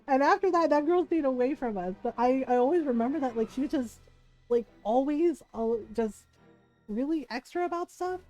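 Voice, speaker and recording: A middle-aged woman streamer telling a story casually, animated and laughing often as she acts out the people in it. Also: high-pitched, measured pace, long pauses, soft background music, low-quality recording. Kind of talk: casual storytelling while gaming.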